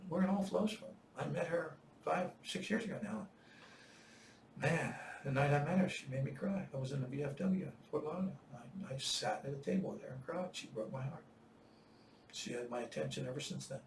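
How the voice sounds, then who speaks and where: A man in his seventies telling war-veteran stories in casual chat, profane and animated. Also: fairly high pitch, brisk, roomy sound, far from the mic, a little hiss or hum. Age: 70s. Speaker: veteran storyteller.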